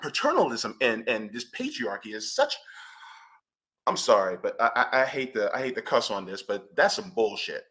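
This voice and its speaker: Man, panel speaker, passionate, animated, bright tone, forceful. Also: medium pitch, normal speed. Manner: impassioned, animated, swears when riled. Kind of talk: panel discussion.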